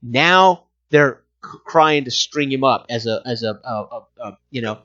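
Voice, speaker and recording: A man hosting a casual talk about game design, animated and profane, acting out scenes from the gaming table in quick asides. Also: medium pitch. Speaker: game designer and podcast host. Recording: dull lo-fi recording.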